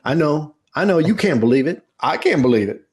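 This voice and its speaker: A man co-hosting a podcast in casual chat, joking and animated, with slangy talk. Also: on the high side, fairly quick, breathy edge. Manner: joking, animated, slangy, puts on funny voices. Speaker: podcast co-host.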